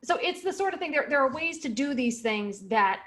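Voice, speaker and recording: A woman co-hosting a podcast in a casual advice chat, speaking in a direct, emphatic way. Her voice sits a little higher than most women's. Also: lively intonation, a little fast, a bit bright. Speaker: podcast co-host.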